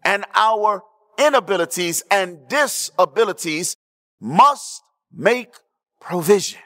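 A man preaching a sermon, checking in with the congregation and swinging between hushed low lines and raised emphatic ones. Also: expressive, slow pace. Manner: preaching with call-and-response asides to the congregation. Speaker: pastor.

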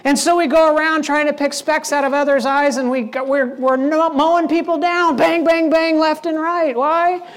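A man's voice: very high voice, steady tone, moderate pace, hardly any pauses. A man preaching a sermon in a conversational, playful way, acting out little scenes as he goes. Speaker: pastor.

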